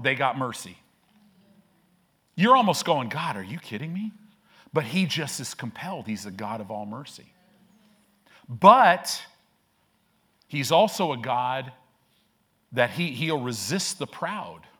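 Man, pastor, fervent sermon, higher-pitched voice, loud emphatic bursts, church sanctuary. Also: breathy edge. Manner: fervent preaching, rising to loud emphatic peaks.

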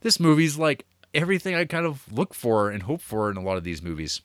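A man with a slightly low voice rambles through a casual podcast chat, piling up fillers and swearing when he gets excited. The recording is dry and close, with no room echo. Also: fairly quick. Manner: rambling, enthusiastic, lots of fillers and profanity. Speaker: podcast co-host reviewing movies.

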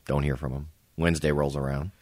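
A man's voice: very deep voice, flat delivery, fairly quick, darkish tone, no room sound, clean studio sound. A man co-hosting a podcast, telling a story in a casual, profane, dryly sarcastic way. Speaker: podcast co-host.

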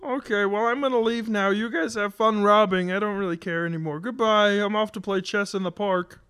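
A man's voice: high voice, fairly even intonation, brisk, fairly bright tone, smooth. A man voicing a petulant cartoonish male villain in an improvised comedy bit, whiny and indignant. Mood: sulky.

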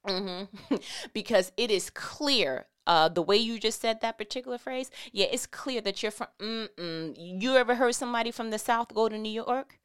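A woman's voice: fairly high pitch, normal speed, smooth. A woman giving a casual, conversational Christian talk with emphatic, repetitive phrasing. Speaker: Christian speaker.

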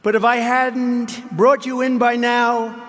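A tender-hearted, kindly woman cries out in plaintive exclamations, as a man reads her aloud. The voice lifts higher than a man's usual speech. A long reverb from a large hall follows each line. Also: little pitch movement, takes it slowly, fairly bright tone, heavily acted.

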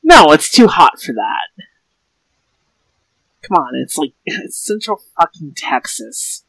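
A man's voice: fairly high pitch, sing-song, takes it slowly, a bit bright, no echo, poor audio. A man from Florida co-hosting a podcast, sardonic and swearing freely in casual comedic chat. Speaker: podcast co-host.

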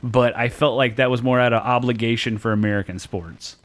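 A man's voice: medium pitch, steady tone, brisk. A man co-hosting a casual sports chat, telling rambling stories with a lot of swearing and laughter.

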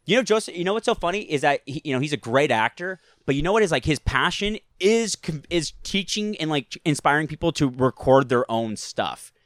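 Rambling man with a clear voice. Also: fairly high pitch, brisk, hardly any pauses, dry recording, clean studio sound. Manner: rambling, animated, lots of fillers and profanity. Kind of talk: casual chat.

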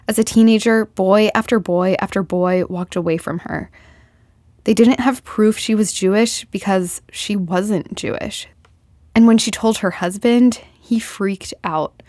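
A woman reporter giving measured, scripted documentary narration. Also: medium pitch, darkish tone, no room sound, clean studio sound.

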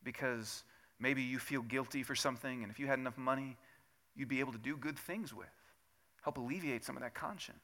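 Bright-voiced man preaching a sermon. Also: medium pitch, brisk. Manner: conversational preaching with rhetorical questions, rising to loud emphatic peaks. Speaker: pastor. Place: church sanctuary.

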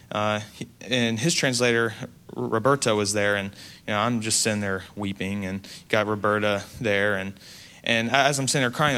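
A young man from the United States giving an earnest, halting personal testimony about a mission trip, with many restarts. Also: medium pitch, pushed and bright, smooth.

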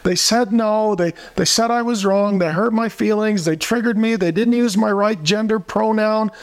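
A man mocking a whiny self-pitying complainer. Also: moderate pace. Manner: mocking, high whiny sing-song.

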